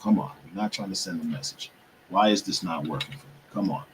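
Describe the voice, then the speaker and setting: A young man with a fairly low voice mutters and grumbles as he fights with his computer, now and then turning to address his viewers. He swears under his breath in casual, frustrated talk. A faint hum of room ambience sits behind him. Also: brisk. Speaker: podcast host.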